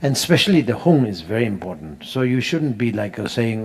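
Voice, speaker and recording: A man, teaching how to pronounce mantras in an unhurried, laughing way, chanting them as he goes. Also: mid-range voice, very animated, darkish tone. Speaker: Buddhist teacher. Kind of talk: dharma teaching on mantra pronunciation.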